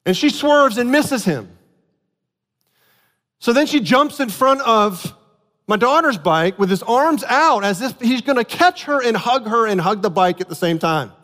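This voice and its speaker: A man preaching a sermon, telling a family story with animated outbursts and earnest explanation. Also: very high-pitched, measured pace. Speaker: pastor. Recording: long hall reverb.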